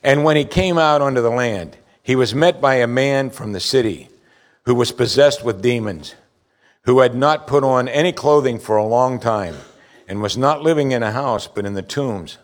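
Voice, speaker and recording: A man preaching a sermon with emphatic delivery, swinging between loud stress and quiet asides. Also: mid-range voice, moderate pace. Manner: emphatic preaching, rising and falling in volume. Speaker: pastor.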